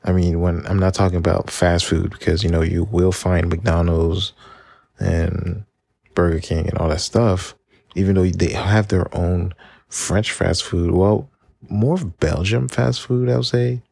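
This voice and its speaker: A man's voice: low voice, fairly even intonation, unhurried, gravelly, a little mellow, slightly rough, no echo. A man in his late twenties from Maryland, hosting a casual solo podcast and telling stories in a chatty, rambling way with self-corrections. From Maryland, United States. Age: 20s. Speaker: podcast host.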